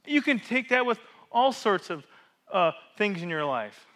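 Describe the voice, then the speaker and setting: A man preaching a sermon as pastor in a church, asking rhetorical questions and swinging between loud emphasis and hushed drops. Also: high voice, sing-song, a little slow.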